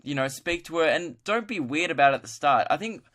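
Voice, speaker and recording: A man's voice: fairly high pitch, expressive, a little fast, fairly bright tone. A young man hosting a solo podcast, chatting casually in a rambling, joking, self-mocking way. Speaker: podcast host.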